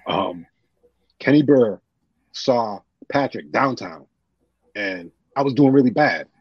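A man telling personal stories on a podcast in an animated, casual way, often acting out what others said. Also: fairly low pitch, a little slow, pauses often, slightly rough, no echo. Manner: animated, retells scenes with quoted voices. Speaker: guest. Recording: dull lo-fi sound.

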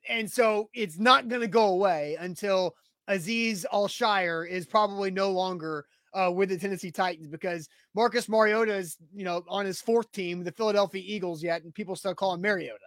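A man's voice: sits high, moderate pace, fairly bright tone, no echo, studio quality. A man co-hosting a sports podcast in casual chat, teasing his co-host and laughing often. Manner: teasing, laughs often, speeds up when making a point.

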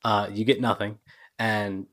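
A man narrating a tabletop game as game master in a relaxed way, with many ums. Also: on the low side, a little slow.

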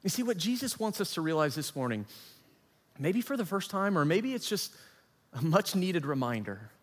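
Male pastor, high voice, earnest sermon with repeated builds, recorded in a reverberant church hall. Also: very animated, normal speed. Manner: earnest preaching with repeated phrases and rising emphasis.

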